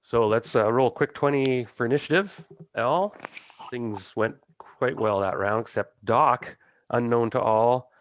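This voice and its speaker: A man's voice: medium pitch, unhurried, dull audio, a little hiss or hum. A man casually running a tabletop game as game master, thinking aloud and laughing along with his players.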